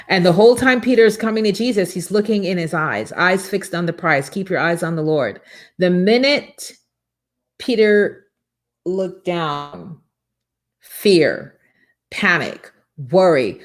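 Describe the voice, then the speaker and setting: A woman with a notably low voice gives a faith-based motivational talk as a morning show host. She speaks with fervor and a preachy drive, piling up rhetorical questions and repeated words. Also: measured pace.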